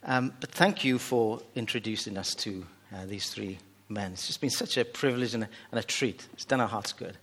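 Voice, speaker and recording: A man's voice: on the low side, normal speed, few pauses, fairly bright tone. A man preaching a sermon, reading scripture and telling jokey asides in a conversational way. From Wales. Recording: reverberant hall.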